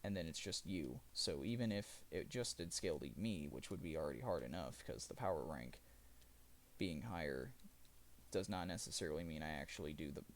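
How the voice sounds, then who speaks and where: Deep gravelly-voiced man rambling about games. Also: animated, fairly quick. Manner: rambling, self-correcting gamer talk. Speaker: streamer. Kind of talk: casual livestream chat.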